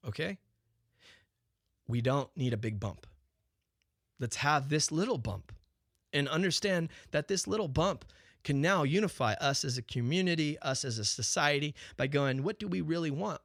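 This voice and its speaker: Swearing guy ranting on his talk show, kinda high voice, dry close sound, keeps asking questions and restarting. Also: animated, moderate pace, fairly bright tone, no room sound. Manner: profane, heated ranting; rhetorical questions, frequent restarts. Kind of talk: unscripted monologue.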